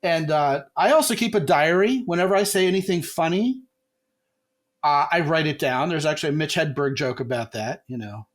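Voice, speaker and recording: A middle-aged man hosting a podcast as a comedy coach, telling stories in a lively way and jumping his pitch for quoted voices. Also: fairly quick. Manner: animated storyteller, jumps pitch for quoted voices. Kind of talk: casual podcast chat.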